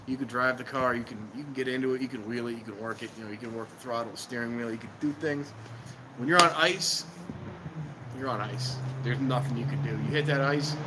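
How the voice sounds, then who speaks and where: A man rambles in a loose, casual chat with his viewers, easily drifting from one thought to the next. He is outside near a train station. Clear street noise runs behind his voice. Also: medium pitch. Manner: rambling, talks to viewers while walking about. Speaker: vlogger. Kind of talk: casual live-stream chat.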